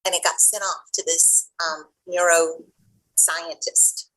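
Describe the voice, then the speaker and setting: A middle-aged woman, a guest coach, telling a personal story in an interview in an animated way, acting out the voices of the people in it. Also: lowish voice, slow pace, rough recording. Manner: animated, acts out the voices of people in her stories.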